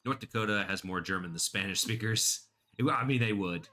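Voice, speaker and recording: A man's voice: fairly low pitch, a little fast, sharp tone. A man streaming a game, rambling casually and chatting with his viewers. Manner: rambling, chatty, reads chat aloud. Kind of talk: casual gameplay commentary.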